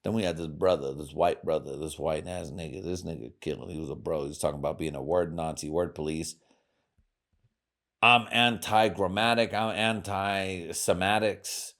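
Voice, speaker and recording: A man with a very deep voice rants through his own podcast. He swears constantly and wanders from point to point, his volume and pitch lurching up and back down. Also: steady tone, fast, few pauses. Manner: crude, swearing, rambling; loud swings in volume and pitch. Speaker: podcast host. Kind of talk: profane rambling monologue.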